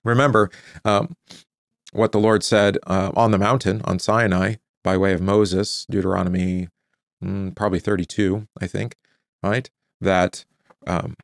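A man's voice: low voice, flat delivery, measured pace, vocal fry, no echo, studio quality. A man reading scripture aloud and teaching a catechesis lesson, posing questions and answering them himself. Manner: stumbles over hard words and restarts them. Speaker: Bible teacher.

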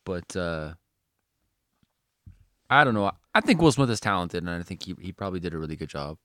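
A man's voice: sits low, very animated, brisk, bright, forceful tone, dry recording, studio quality. A man co-hosting a podcast in loose casual chat, rambling with lots of "like" fillers and offhand swearing. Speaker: podcast co-host.

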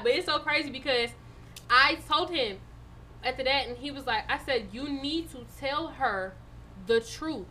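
A woman's voice: high voice, measured pace, pushed and bright, a little hiss or hum. A woman co-hosting a podcast, telling a story in a casual chat, with lots of laughter and swearing. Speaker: podcast co-host.

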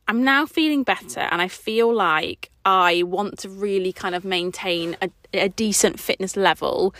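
A woman's voice: mid-range voice, a bit bright, no room sound, studio quality. A young woman hosting a podcast, chatting on and rambling with lots of fillers, a little short of breath. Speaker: podcast host. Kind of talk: casual solo podcast chat.

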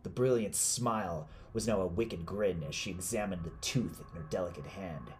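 A man narrating a scripted horror story in a measured, deliberate way. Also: sits low, a little mellow, a little hiss or hum.

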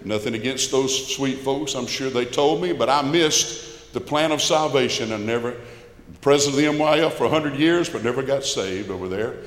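A man's voice: medium pitch, normal speed. An older man, giving a folksy, emphatic personal testimony to a church congregation. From Albany, Georgia. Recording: echoey church hall with long reverb.

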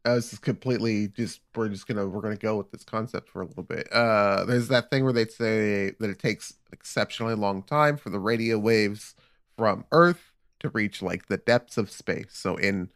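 A man's voice: fairly low pitch, moderate pace, fairly bright tone, no echo, studio quality. A man in casual comedic chat, riffing loosely and swearing, slipping into silly bits. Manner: riffing, profane, acting out bits.

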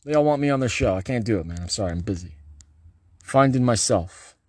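A man giving a rambling, erratic, profane monologue, swinging between low muttering and loud outbursts. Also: lively intonation, brisk, no room sound.

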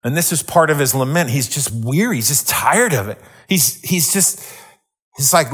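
A middle-aged man, a pastor, giving a sermon with animated, humorous personal stories. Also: on the high side, moderate pace, husky. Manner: animated storytelling, rising into excited exclamations.

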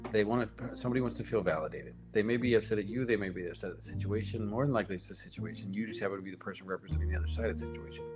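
A man co-hosting a podcast, a school principal, talking in a relaxed, rambling way. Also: lowish voice, very fast, few pauses, music in the background. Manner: relaxed, rambling, restarts often. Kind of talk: casual chat.

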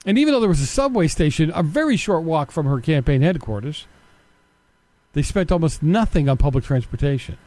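A middle-aged man delivers a combative political monologue, peppered with sarcastic rhetorical questions. His voice sits a little high yet mellow, and it rises and falls in lively swings. The sound is dry and close, with no room around it. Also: a little fast, no echo. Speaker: political commentary host. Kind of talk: opinionated monologue.

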